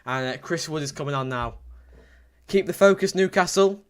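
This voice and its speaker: A man's voice: a little high, moderate pace, clean tone. A young man commentating live on a football match for his stream, reading out chat messages and repeating himself as he talks. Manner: excitable, repetitive, bursts into shouts at big moments. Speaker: fan livestream commentator.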